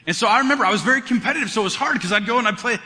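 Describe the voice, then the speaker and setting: A man preaching a sermon as pastor, animated and jokey, acting out the voices in the story. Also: very high-pitched, rapid-fire, big-room sound.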